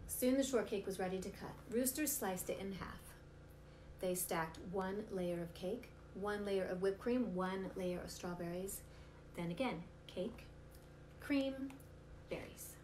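A woman reading picture books aloud for a storytime, in an expressive, animated way, recorded in a roomy space with faint noise. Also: mid-range voice, unhurried.

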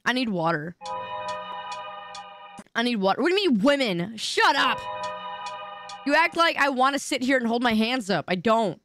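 Woman, streamer, casual live-stream chat, whiny, indignant, very animated pitch. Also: normal speed, pauses often, music in the background.

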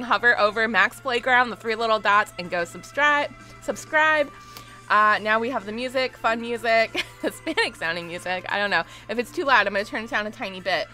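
A young woman live-streaming a game, chatting casually, gushing and greeting her viewers in quick bursts, sometimes squealing with excitement. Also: fairly high pitch. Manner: squeals loudly when excited. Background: faint game music.

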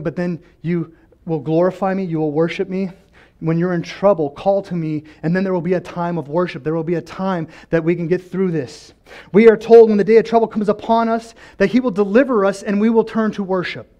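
A man with a high voice preaches a church sermon. He talks quietly at times, then climbs into loud, passionate cries to God, and he often stumbles and repeats words as he restarts a sentence. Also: normal speed. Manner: passionate, swings from quiet to shouting. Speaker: pastor.

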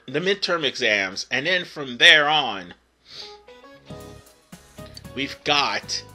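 Bright-voiced man rambling over gameplay. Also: fairly high pitch. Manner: rambling, self-correcting, with fillers. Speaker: let's play host. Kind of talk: casual gameplay commentary.

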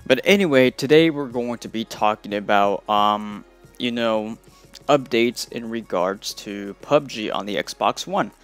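This gaming video host is a young man with a fairly low-pitched voice who takes his time. He chats loosely through his casual gaming news vlog with plenty of filler words, and soft background music plays.

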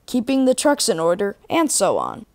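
A woman's voice: medium pitch, huge pitch swings, moderate pace, a little mellow, no echo. A woman voicing a stately, jolly male railway boss in a storybook reading. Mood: kindly.

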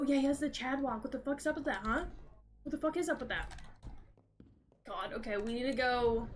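A woman's voice: a little high, moderate pace, long pauses, a little hiss or hum. A young woman streaming a horror game, reacting with panicked, profane exclamations. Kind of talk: live horror game commentary.

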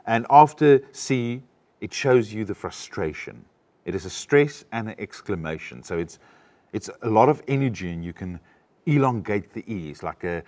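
A male acting coach leads a lesson, walking a student through each point. His voice sits very low yet moves with lively, animated swings in pitch. He sounds patient and instructive. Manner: instructive, explains step by step.

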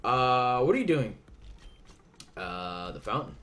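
A man's voice: mid-range voice, very animated, slow pace, fairly bright tone. A young man hosting a game playthrough, reading the characters' lines aloud in playful put-on voices and chatting casually with a bit of swearing. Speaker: let's play host.

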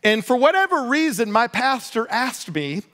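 A pastor preaching a sermon, telling a personal story with lively, self-deprecating humor. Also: male voice, very high-pitched, moderate pace.

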